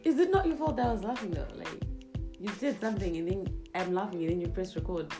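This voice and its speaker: A woman's voice: mid-range voice, animated, fast talker, over music. A young woman co-hosting a casual chat podcast, giggly and rambling, recorded on a phone. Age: young adult. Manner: giggly, rambling with many likes. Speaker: podcast co-host.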